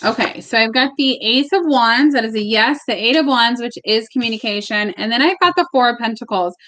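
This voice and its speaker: A woman with a fairly high voice reads tarot cards on a live stream from home. She talks in a loose, chatty way, gets emotional at times, and swears now and then. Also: fairly quick, a bit bright. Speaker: tarot reader. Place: home with barking dogs.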